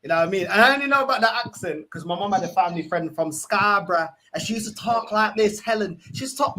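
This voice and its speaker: A man co-hosting a casual chat, telling stories in an animated way and putting on voices. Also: high voice, fast, few pauses. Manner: animated storyteller, puts on voices. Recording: noisy stream audio.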